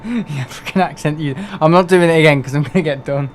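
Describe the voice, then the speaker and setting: A young man chats loosely on a live gaming stream, his voice sitting a little high. He rambles from one thought to the next, laughs a lot and pokes fun at himself, with a faint hum of background noise. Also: fast. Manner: rambling and chatty, laughs often, self-mocking. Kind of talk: casual live-stream chat.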